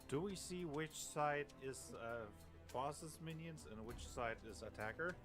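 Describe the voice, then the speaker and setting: A man's voice: fairly high pitch, measured pace, music in the background. A man playing in a tabletop game, describing his plans hesitantly with many fillers. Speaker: player. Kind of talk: casual tabletop play.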